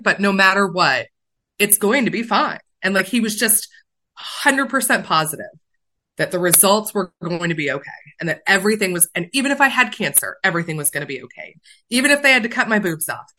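A woman on a podcast telling a personal story in casual chat, animated and self-mocking, swinging quickly between worry and laughter. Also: fairly low pitch, low-quality recording. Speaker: podcast co-host.

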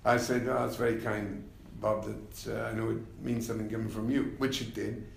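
An older man, a former party leader, telling anecdotes in an unhurried interview, with many fillers and wry laughs. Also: on the low side, little pitch movement, creaky, reverberant, a little hiss or hum. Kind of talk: reflective interview conversation.

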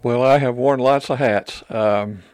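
A man's voice: medium pitch, fairly even intonation, unhurried, darkish tone, dry recording. An older man, a minister guest, telling stories in a reflective, self-deprecating way. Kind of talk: casual interview storytelling.

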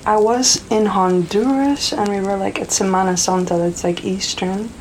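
A woman's voice: mid-range voice, fairly even intonation, moderate pace, poor audio. Woman from europe telling a wild story, laughs a lot, lots of likes and ums, bit of hiss behind. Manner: laughing often, rambling with fillers and restarts. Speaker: guest. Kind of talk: casual storytelling.

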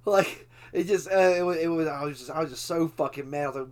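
A man's voice: fairly high pitch, fast, hardly any pauses. A man co-hosting a casual gaming podcast, rambling with lots of restarts. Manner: rambling with restarts and fillers, animated. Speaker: podcast co-host.

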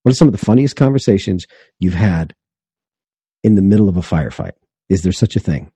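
A man's voice: low-pitched, animated, fairly quick, dark tone, slightly rough, no echo. A man hosting an interview, asking questions and rambling earnestly. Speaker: podcast host for preachers. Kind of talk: casual interview talk.

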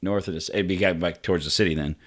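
Laid-back podcast co-host reading the news, lowish voice with a bright, forceful edge. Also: male voice, steady tone, fast. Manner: laid-back, says "man" and "dude". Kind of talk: casual chat and reading news.

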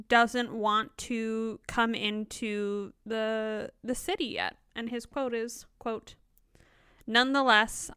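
A woman's voice: fairly high pitch, fairly bright tone, clear, resonant tone, no echo, studio quality. A woman co-hosting a casual book discussion podcast, reading quotes aloud and playfully mimicking characters. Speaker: podcast co-host.

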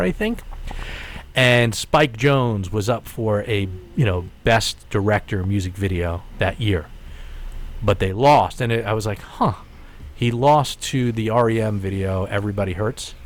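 A man in his forties telling a long story in casual podcast chat, with restarts and animated asides. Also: fairly low pitch, slight background noise. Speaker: podcast host.

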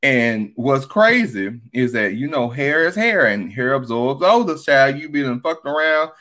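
A vlogger in a casual commentary monologue, animated and exclamatory, swearing freely and cackling often. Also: medium pitch, measured pace.

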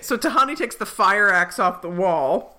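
Bright-voiced woman recapping a show. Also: medium pitch, moderate pace. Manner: lively retelling with many "like" asides and laughs. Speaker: podcast co-host. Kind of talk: casual chat recapping a TV episode.

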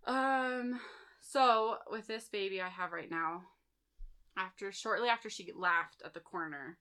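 Bright-toned woman telling ghost stories. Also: medium pitch, a little slow, smooth. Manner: chatty, lots of fillers and "like". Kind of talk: casual storytelling chat.

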